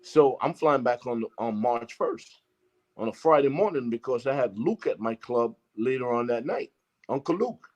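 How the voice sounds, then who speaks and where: A man's voice: medium pitch, expressive, normal speed, darkish tone, dull audio. A man from Jamaica, a guest telling a long story in casual, profane talk and acting out the lines of the people in it. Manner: profane, emphatic, acts out quoted exchanges. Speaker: interview guest.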